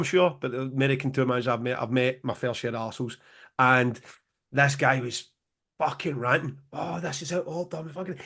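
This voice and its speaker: A middle-aged Scottish man with a fairly high voice spins sweary, animated stories on a podcast. He laughs often as he talks. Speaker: podcast co-host, music promoter. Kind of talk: casual storytelling chat.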